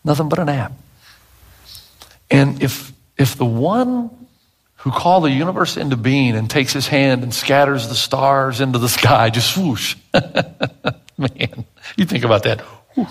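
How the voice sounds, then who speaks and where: Husky, emphatic male pastor preaching. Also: medium pitch, lively intonation, a little slow, pauses often. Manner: emphatic, dramatic swings from loud to hushed. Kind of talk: sermon.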